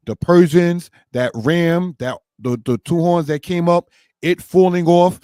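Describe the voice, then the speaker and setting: A man's voice: on the high side, darkish tone, dry recording. A man teaching a scripture lesson, often calling his listeners brothers and sisters, who reads passages aloud and comments on them. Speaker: Torah teacher.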